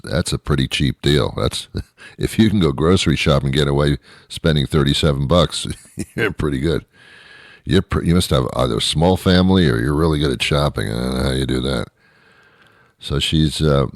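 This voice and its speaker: A middle-aged man delivering a rambling comic monologue, full of restarts and deadpan asides. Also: a bass voice, no echo, clean studio sound. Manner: meandering, self-interrupting, deadpan asides. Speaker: comedian host.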